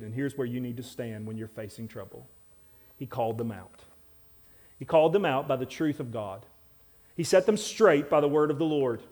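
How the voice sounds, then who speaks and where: A man preaching a sermon to a congregation. He swings between loud, emphatic passages and quiet, intense ones, with wry asides to the listeners. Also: on the high side. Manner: self-deprecating asides to the congregation. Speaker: pastor.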